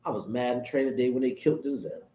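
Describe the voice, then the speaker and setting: In a mid-range voice delivered fast, with lo-fi sound quality, a man rants to camera for his viewers. He's animated and foul-mouthed, says things more than once, and jumps around topics; the room is echoey with a faint noise floor.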